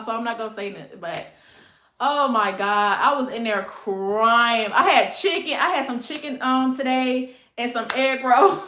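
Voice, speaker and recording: A woman's voice: a little high, a little slow, fairly bright tone. A woman, chatting casually and rambling to her livestream viewers, calling them y'all and honey. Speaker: livestream host. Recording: echoey room.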